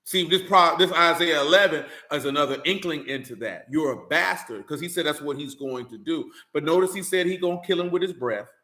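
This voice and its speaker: A man's voice: a little high, a little fast, hardly any pauses, bright, forceful tone. Fervent, emphatic male preacher in an echoey room. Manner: preachy, repeats "man" and "you understand", rising to emphatic. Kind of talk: sermon with scripture reading.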